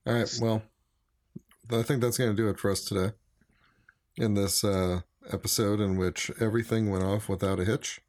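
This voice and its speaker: Deeper-voiced guy closing out a podcast, dry jokes, laid back. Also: fairly even intonation, normal speed, a little mellow. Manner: dry joking, reads out the show's links. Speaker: podcast co-host. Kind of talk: casual podcast chat.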